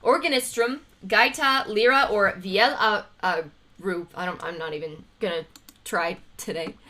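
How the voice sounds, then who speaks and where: A woman's voice: medium pitch, measured pace, pushed and bright. A woman streamer chatting casually on a livestream, thinking aloud as she reads trivia questions, laughing often and greeting viewers.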